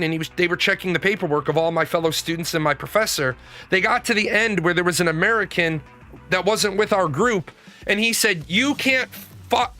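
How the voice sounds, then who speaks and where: A man's voice: high voice, sharp tone. A man in a casual monologue, telling stories in a blunt, rambling way with frequent swearing. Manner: blunt, profane, rambling storytelling. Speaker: show host.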